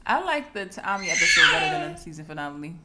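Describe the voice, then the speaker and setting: A woman's voice: mid-range voice, big pitch swings, quick pace, very noisy. Hesitant young woman chatting at home. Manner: hesitant, trails off, teasing. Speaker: podcast co-host. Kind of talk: casual chat. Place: home, at a table.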